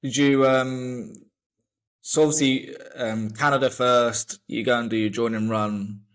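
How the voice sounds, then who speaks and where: A man hosting an interview, asking relaxed prompting questions. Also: medium pitch, measured pace. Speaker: podcast host, interviewer.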